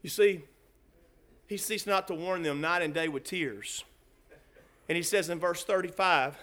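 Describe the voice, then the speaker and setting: A man preaching a sermon, swinging between hushed asides and excited shouts, laughing often as he speaks. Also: high voice, normal speed. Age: adult with children.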